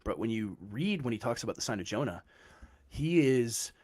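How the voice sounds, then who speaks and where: A man's voice: medium pitch, lively intonation, moderate pace, darkish tone. A man in a casual theological discussion, explaining passages and often checking in with "right?".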